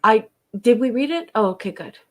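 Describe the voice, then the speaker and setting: A woman's voice: on the high side, animated, a little fast. A woman co-hosting a podcast, talking affectionately and reading a summary aloud with many hesitations and ums. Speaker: podcast co-host. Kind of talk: casual chat, cold reading a summary.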